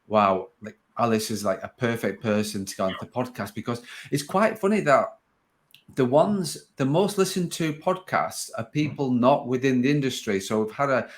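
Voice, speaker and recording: A man with a Sheffield accent hosting a relaxed podcast interview, rambling and restarting his sentences as he chats. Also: mid-range voice, normal speed. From Sheffield, England. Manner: rambling, self-interrupting, chatty. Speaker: podcast host.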